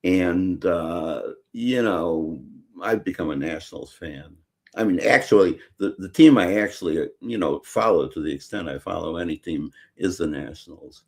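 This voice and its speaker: An older man from Chicago, a guest author talking in a casual interview, halting with many fillers and restarts. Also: low voice, creaky, darkish tone.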